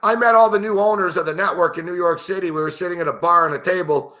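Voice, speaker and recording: On his sports betting show, a middle-aged host trades in loud, profane anecdotes over casual talk and laughs while speaking. He talks fast in a bright, forceful, somewhat high voice that keeps a steady tone.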